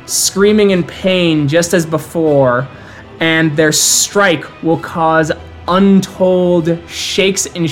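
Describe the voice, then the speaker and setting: A man narrating a tabletop horror game as storyteller, in measured, descriptive tones he sometimes draws out for effect. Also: on the high side, a bit bright.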